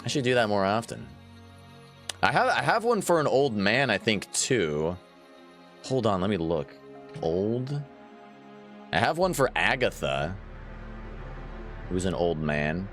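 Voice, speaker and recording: Goofy streamer guy, sore throat, slow lively chatter. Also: on the low side, faint music behind. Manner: playful, laughing, chatting to viewers. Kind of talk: casual gameplay commentary.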